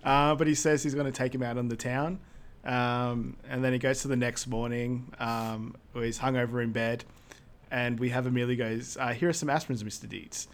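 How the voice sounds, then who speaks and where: A man's voice: medium pitch, level tone, moderate pace, clean tone. A man co-hosting a podcast, chatting loosely about a film, laughing a lot and swearing casually. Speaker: podcast co-host. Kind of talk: casual chat recapping a film.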